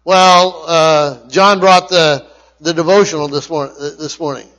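High-voiced man preaching with emphatic repetition. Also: fairly even intonation, unhurried, fairly bright tone, poor audio. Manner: emphatic repetition, frequent restarts and stumbles. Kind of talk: sermon.

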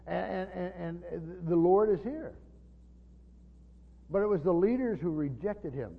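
A man teaches from Scripture in a halting, unscripted way, repeating words and leaning on fillers. His voice sits a little high for a man. The recording is dull and lo-fi, with a long reverb from a church hall. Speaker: preacher.

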